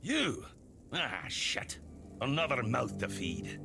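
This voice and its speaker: An actor playing a gruff, sarcastic male cook in a video game who swears freely, with music behind. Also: medium pitch, wildly swooping pitch, slow, heavily acted. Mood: grumbling. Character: grumpy foul-mouthed male castle cook.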